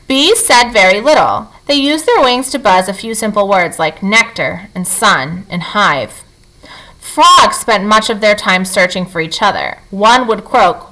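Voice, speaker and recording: Expressive woman reading a story aloud. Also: mid-range voice, unhurried, poor audio. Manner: expressive, animated. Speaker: reader.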